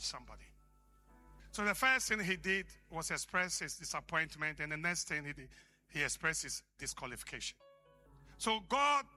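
A man preaching a sermon, swinging from shouted peaks to hushed, whispered lines. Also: a little high.

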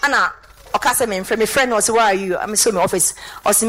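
A woman with a Ghanaian accent giving an animated church testimony, slipping between English and Twi. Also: mid-range voice, fast, over music, low-quality recording.

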